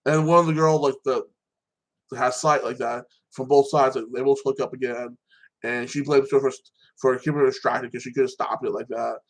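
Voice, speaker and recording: A man's voice: mid-range voice, steady tone, moderate pace, poor audio. A man hosting a casual podcast, recapping TV episodes in a rambling way with many restarts and tag-on phrases. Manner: rambling, frequent restarts, keeps adding "like that". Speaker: podcast host.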